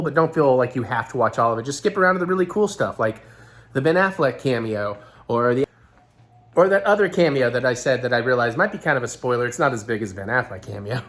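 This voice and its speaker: A man hosting his own vlog in casual chat, his voice hoarse and gravelly, rambling on with self-deprecating asides. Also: mid-range voice, a bit bright. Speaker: vlog host.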